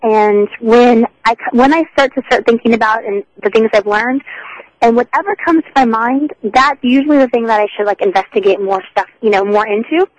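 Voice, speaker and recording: A woman's voice: a little high, fairly quick, poor audio. A woman co-hosting a casual chat, talking in a rambling way with lots of fillers. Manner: chatty, rambling, frequent fillers. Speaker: co-host.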